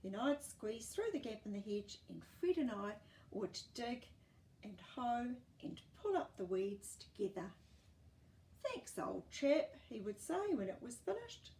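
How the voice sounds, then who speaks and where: A woman reading a children's picture book aloud, animated and expressive, her pitch swinging up and down. Her tone is mellow and warm, recorded in an echoey room with the mic some distance away. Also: unhurried. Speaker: children's story reader. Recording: roomy, distant mic, faint noise.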